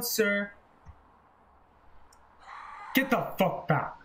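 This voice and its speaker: Jumpy young man yelling at a horror game. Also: sits high, animated, takes it slowly, long pauses, faint music behind. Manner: jumpy, swearing, yelling in fright. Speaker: gaming video creator.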